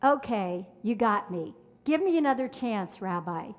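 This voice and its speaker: Woman voicing a young man, self-assured, slow, in a reverberant hall. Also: on the high side, lively intonation, muffled recording. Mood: confident. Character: confident young male student.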